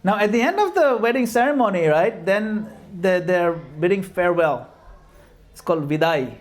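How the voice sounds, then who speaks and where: At a devotional home program, this middle-aged Gujarati man from India tells stories in an informal talk, laughing at himself and weaving in Hindi and Sanskrit verses. His high voice is expressive and moves at a moderate pace.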